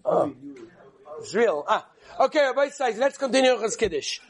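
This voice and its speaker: A man's voice: very high-pitched, sing-song, normal speed. A man, a rabbi, giving a live class, rambling and joking with his listeners between points. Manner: rambling, chatty storyteller who jokes with the room. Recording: live room with audience crowd. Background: audience murmuring and laughing.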